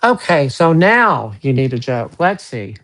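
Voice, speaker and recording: A man giving a casual live tarot card reading to viewers. He speaks gently and drops folksy, joking asides between the cards. His voice sits in an ordinary middle pitch. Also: sing-song, measured pace.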